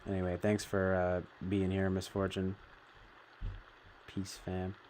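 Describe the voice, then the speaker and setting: A man's voice: low voice, monotone, measured pace, a little mellow, slight background noise. A man giving a meandering commentary, heavy on fillers and swearing. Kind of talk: casual rambling commentary.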